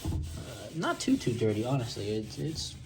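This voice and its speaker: A man chats casually while filming himself at home, his thoughts wandering as he jokes and scolds his dogs. His voice sits in an ordinary middle range. The camera audio carries a clear layer of household noise. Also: medium pitch, wildly swooping pitch, moderate pace. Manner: rambling, joking, talks to his dogs. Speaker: vlogger. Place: home kitchen.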